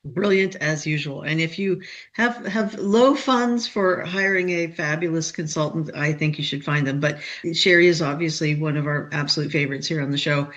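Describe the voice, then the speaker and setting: A woman's voice: low voice, moderate pace. A woman hosting an interview show, effusive and full of praise for her guest. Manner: effusive, warmly praising, affirming. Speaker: show host.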